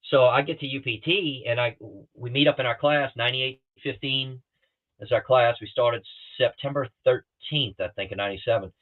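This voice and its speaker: A man's voice: mid-range voice, normal speed. Man telling stories over a tinny call. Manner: animated storyteller who acts out other people's lines. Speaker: guest pilot. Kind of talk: casual storytelling. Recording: tinny phone-like call audio.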